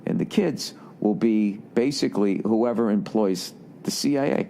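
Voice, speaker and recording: A man's voice: medium pitch, very animated, moderate pace, a little mellow, slight background noise. A man hosting a podcast, ranting with heavy swearing and sarcasm and reading listener letters aloud. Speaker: podcast host. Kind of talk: casual podcast monologue.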